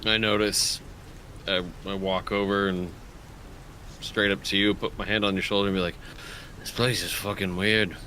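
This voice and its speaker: A man with a low but bright, forceful voice plays a tabletop game with friends. He talks in a brash, casual way, and faint noise sits behind him. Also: flat delivery, normal speed, long pauses. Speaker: player. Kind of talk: tabletop role-play.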